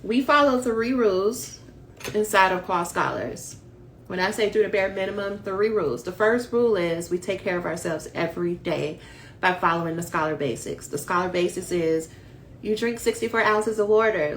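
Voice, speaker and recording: A woman's voice: medium pitch, normal speed, slight background noise. A woman coaching dissertation writers on a livestream, speaking emphatically and calling her viewers "y'all" as she rants and encourages them. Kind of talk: motivational livestream talk to viewers.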